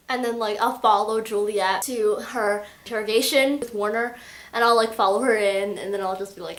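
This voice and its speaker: In an echoey room, a young woman chats casually about a favorite book for her vlog, steady in tone and speaking at normal speed with a mid-range voice. She gushes and giggles, performing lines from it in little voices.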